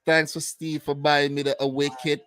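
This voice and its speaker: A Vincentian man talks football in a relaxed, slangy way, sometimes drifting into island dialect. His voice sits a little higher than most men's. The sound is dry and close. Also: normal speed, clear, resonant tone, no echo. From Saint Vincent. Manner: laid-back, slangy, slips into island dialect. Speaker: co-host. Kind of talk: casual football chat.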